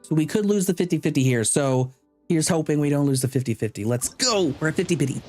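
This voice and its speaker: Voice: mid-range voice, lively intonation, fast talker, a little mellow, faint music behind. A streamer giving casual live commentary on a game, chatty and thinking aloud, sometimes stumbling over unfamiliar names.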